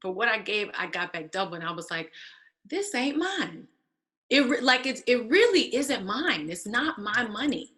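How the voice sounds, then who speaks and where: A woman's voice: medium pitch, animated, moderate pace, few pauses, bright, forceful tone. A woman in her thirties giving a candid personal testimony, telling her story with animation and acting out the voices of others. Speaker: interview guest.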